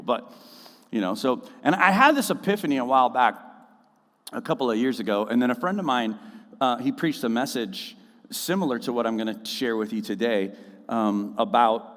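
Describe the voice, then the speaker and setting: Male pastor, casual joking sermon, mid pitch, long church-hall reverb. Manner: casual, joking, animated with mocking voices. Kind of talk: conversational sermon. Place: church auditorium.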